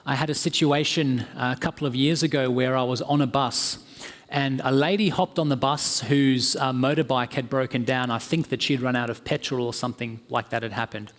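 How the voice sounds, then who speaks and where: A man's voice: mid-range voice, steady tone, brisk. Earnest Australian man preaching in a hall. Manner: earnest, conversational storytelling with fillers. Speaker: guest preacher. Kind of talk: sermon. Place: church hall. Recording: church hall with long reverb.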